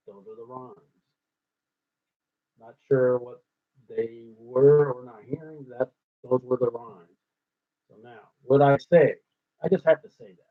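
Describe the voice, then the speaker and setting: A man with a husky, slightly rough voice thinks out loud as he works out rhymes off the cuff. He tries lines aloud, then drops to a near-mutter. The sound is thin and tinny, like a phone line. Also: medium pitch. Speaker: host working out rhymes. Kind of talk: ad-libbed musing monologue.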